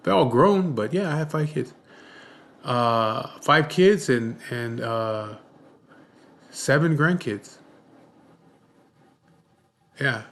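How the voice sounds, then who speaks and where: A man in his forties talks straight to his camera, answering viewer questions in a plain, blunt way. He swears freely and keeps checking in with "you know what I mean". His voice sits at an ordinary middle pitch. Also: expressive, slow, creaky, long pauses, fairly bright tone. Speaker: vlogger.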